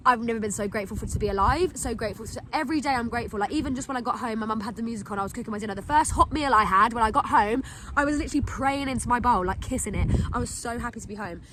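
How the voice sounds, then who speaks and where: A young woman with a high, bright voice tells a story at a quick clip. She is chatty and emotional, packing in "like" and "literally." A faint hum of room sound sits behind her. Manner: chatty, gushing, full of "like" and "literally"; emotional, heartfelt. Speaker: podcast host. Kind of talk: casual storytime monologue.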